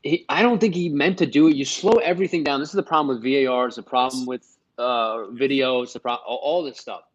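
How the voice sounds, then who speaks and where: A man's voice: medium pitch, fast talker, muffled recording. Young man, casual sports podcast co-host.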